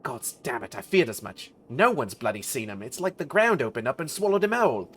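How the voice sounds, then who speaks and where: Casting: a streamer doing a blunt, rough-spoken sellsword veteran for a fantasy game, mid-pitched and plain, growled out with salty slang. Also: male voice, very animated, brisk, fairly bright tone, slight background noise. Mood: gruff. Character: gruff veteran male mercenary officer.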